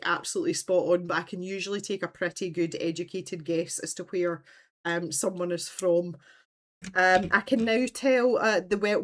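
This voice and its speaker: A Scottish woman in her thirties, hosting a livestream in animated, chatty conversation and laughing often. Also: on the low side. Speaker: livestream host. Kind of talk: casual chat.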